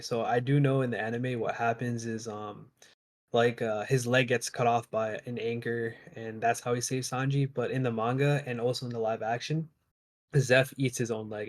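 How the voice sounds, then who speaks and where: Measured man on a podcast panel. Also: mid-range voice. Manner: measured, with frequent "um" and "uh" pauses. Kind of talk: casual podcast review chat.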